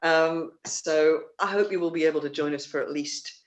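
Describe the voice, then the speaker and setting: Heard through a muffled recording, his fairly high voice keeps a steady tone at a moderate pace. The man runs an online theatre livestream on a video call, making rambling, casual announcements packed with fillers and false starts.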